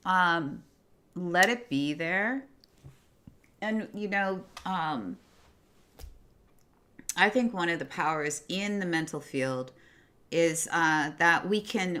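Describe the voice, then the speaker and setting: Bright low-pitched woman livestream host. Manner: encouraging, reads viewer chat aloud and answers; warm and effusive. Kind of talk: casual livestream talk to viewers.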